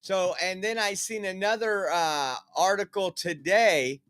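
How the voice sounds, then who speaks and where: A man's voice: sits high, measured pace, fairly bright tone. A man giving casual political news commentary, reading out articles, emphatic and rambling with many fillers.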